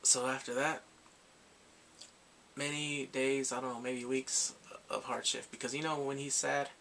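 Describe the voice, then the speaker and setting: A man recapping a drama episode in a casual, excited way, acting out the characters' lines and his own reactions. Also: mid-range voice, measured pace, gravelly, a little hiss or hum. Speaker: drama reviewer.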